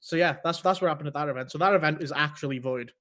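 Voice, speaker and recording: A man's voice: on the high side, racing, pushed and bright. A young man who tells stories heatedly and swears freely, talking as a guest on a casual podcast. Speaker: podcast guest, esports player.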